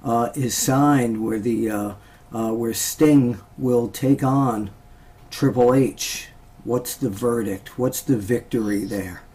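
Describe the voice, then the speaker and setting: A man hosting a casual interview at an ordinary middle pitch. He halts often, with filler sounds between his words. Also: a little mellow. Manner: halting, many fillers. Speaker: interview host.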